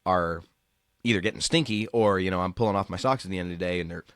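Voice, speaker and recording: A young man telling anecdotes in a casual podcast chat, voicing the people he quotes in high tones. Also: fast talker, fairly bright tone, dry recording, studio quality.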